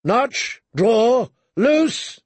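A young commander barking battle orders, as a male reader puts him on. He shouts each command high and urgent, with a gravelly, husky edge to the voice and a dry, close sound. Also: slow pace, no echo, heavily acted.

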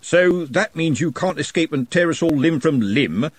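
A man with a husky voice voicing a huge, touchy working man who blusters and asks loud, blunt, indignant questions. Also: on the high side, lively intonation, moderate pace, no room sound, pitched above the performer's own voice. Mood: blustering.

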